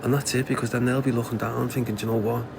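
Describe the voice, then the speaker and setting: Middle-aged Scouse man, livestream host, gravelly and mid-pitched, blunt and preachy, faint hiss behind. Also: little pitch movement, racing. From Liverpool, England. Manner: blunt, sweary, preachy life advice. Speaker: live stream host answering viewer comments. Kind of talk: casual livestream talk.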